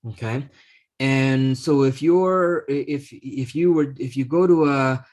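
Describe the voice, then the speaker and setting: A man co-hosting a talk show, telling a story in a casual, halting way, full of restarts, and acting out the people in it. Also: mid-range voice, a little mellow. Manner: halting, many restarts and fillers, acts out the voices in his story. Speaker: podcast co-host.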